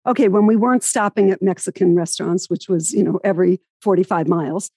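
A woman interviewing a guest, chatting and telling stories in a lively way. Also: fairly low pitch, fast, husky, dry recording, clean studio sound. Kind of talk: casual interview.

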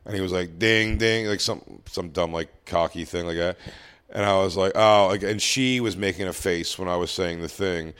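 A man's voice: deep voice, normal speed, clear, resonant tone. A man, a stand-up comedian, chatting casually and animatedly acting out exchanges with a heckler. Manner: animated, acts out crowd exchanges. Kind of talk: casual chat, storytelling.

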